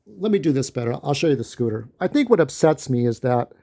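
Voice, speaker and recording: A man's voice: medium pitch, big pitch swings, fast talker, mellow. Agitated man ranting into his camera. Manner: agitated, profane storytelling. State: shaken up. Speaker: vlogger. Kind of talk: ranting vlog monologue.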